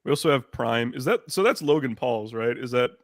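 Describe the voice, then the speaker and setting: A man's voice: mid-range voice, expressive, fairly quick, dry recording, studio quality. A man co-hosting a casual live-streamed wrestling podcast, rambling and swearing, with many fillers and restarts. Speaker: podcast co-host. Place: room by candlelight. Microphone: handheld microphone.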